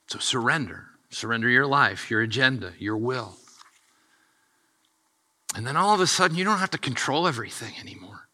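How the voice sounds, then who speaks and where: A middle-aged man preaching a sermon in a very bright, forceful voice. He is animated, swinging from hushed intensity to excited bursts as he acts out the dialogue. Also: mid-range voice, normal speed. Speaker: pastor.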